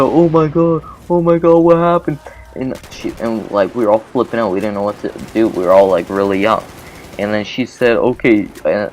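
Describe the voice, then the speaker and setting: A man's voice: sits low, vocal fry, a little hiss or hum. A man hosting a gaming channel, telling a childhood story in a rambling, casual way with lots of swearing and fillers. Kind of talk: casual storytelling over gameplay.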